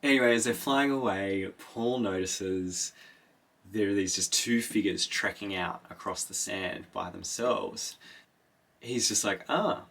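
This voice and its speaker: A man talks through a book in a loose, rambling podcast chat. His voice sits a bit low, with a gravelly crackle and a husky edge. He swears freely and slips into quick voices for the characters. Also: fairly bright tone. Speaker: podcast host. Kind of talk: casual book recap.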